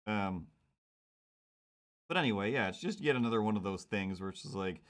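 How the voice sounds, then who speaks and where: A man's voice: fairly low pitch, lively intonation. Rambling joking man drawing on stream. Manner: rambling, jokey mock outrage, slips into quick silly voices. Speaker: comic artist streaming while drawing. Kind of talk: casual chat while drawing.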